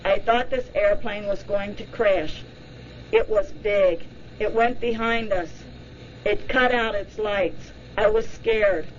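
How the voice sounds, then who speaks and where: A woman voicing a frightened woman recalling a strange light, halting and dazed. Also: medium pitch, dull audio, a little hiss or hum, lightly acted. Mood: dazed fear.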